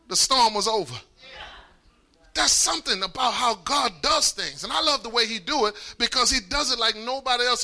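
A man preaching a sermon to his congregation, shifting into a sing-song chant and shouting calls for a response. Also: very high voice. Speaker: pastor.

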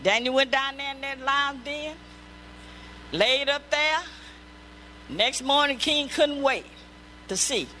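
A woman's voice: high-pitched, slow, long pauses, bright, forceful tone, a little hiss or hum, low-quality recording. A woman pastor delivering a sermon, emphatic and repetitive, breaking into calls of praise.

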